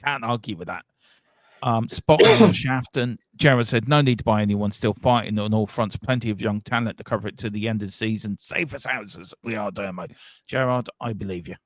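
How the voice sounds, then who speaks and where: A man co-hosting a casual fan live stream, reading viewer comments aloud with quick asides. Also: fairly low pitch, no echo. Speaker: fan show co-host.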